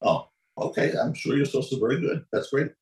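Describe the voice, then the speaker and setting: In a podcast studio, a male guest attorney speaks a little fast while telling a courtroom story. He is animated, acting out the people in it with big swings in pitch, and the audio is poor with a roomy sound.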